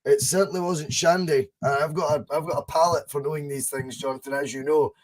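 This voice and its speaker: A Scottish man hosting a casual podcast, animated and chatty, acting out little scenes as he tells stories. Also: on the high side, fairly quick. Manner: animated storyteller, acts out voices in anecdotes. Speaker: podcast host.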